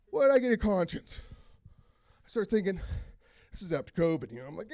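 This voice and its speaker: A man from Philadelphia performing a rambling, exasperated stand-up set at an open mic, breaking into loud outbursts. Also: sits high, big pitch swings, fairly quick. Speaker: stand-up comedian. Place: small open mic venue.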